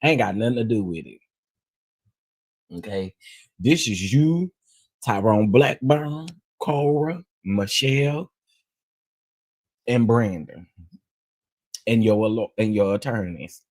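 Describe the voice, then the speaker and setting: Man, livestream host, AAVE speech, husky, dry close sound, playful chat. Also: lowish voice, slow pace, pauses often, no room sound. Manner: animated, greets viewers one by one, playful.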